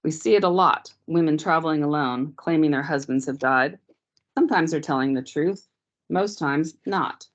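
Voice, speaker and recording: A woman's voice: deep voice, normal speed, close to an everyday voice. A woman reading aloud, voicing a polite but grave, self-important male police officer in his thirties, on dull lo-fi meeting audio.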